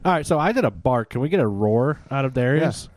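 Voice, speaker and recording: A man's voice: medium pitch, lively intonation, a little fast, no echo. A man co-hosting a podcast in casual chat, cracking sarcastic jokes. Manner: joking, sarcastic. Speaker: podcast co-host.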